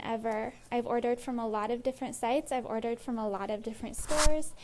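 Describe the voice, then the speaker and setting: Slightly high-voiced woman ranting on her vlog, out of breath, lots of "like". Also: moderate pace, darkish tone. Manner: exasperated, says "like" often. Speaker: plant vlogger. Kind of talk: casual ranting review.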